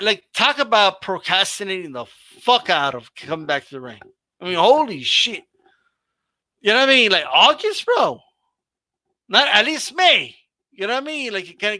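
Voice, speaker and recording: Brief: high-pitched man, bright edge, dry close mic, loose slangy stream host. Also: no room sound. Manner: animated, swearing, laughing, slangy. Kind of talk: casual boxing chat on a livestream.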